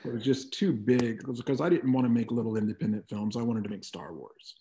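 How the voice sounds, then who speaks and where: A man's voice: mid-range voice, a little fast, warm tone, a little hiss or hum. A middle-aged man talking reflectively as an interview guest, with frequent "you know" asides. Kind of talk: conversational interview.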